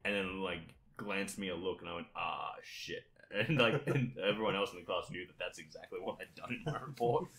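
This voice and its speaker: A young man with a notably deep voice chats casually on a podcast. He spins boastful, animated anecdotes, breaking into laughter mid-sentence. His swearing is offhand and casual. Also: a little fast, few pauses. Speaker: podcast co-host. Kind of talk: casual chat, storytelling.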